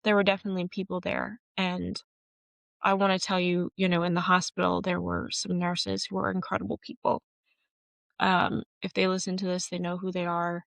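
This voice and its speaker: Woman podcast host, personal monologue, earnest and emotional, low-ish pitch, dry close sound. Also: completely flat delivery, moderate pace, gravelly, fairly bright tone, dry recording.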